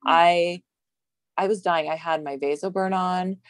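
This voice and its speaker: Woman, low pitch, dry recording, chatty, rambling, laughs often, tired. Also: fairly even intonation, unhurried, dry recording. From Hawaii. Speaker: guest, bodybuilding competitor. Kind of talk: casual interview talk.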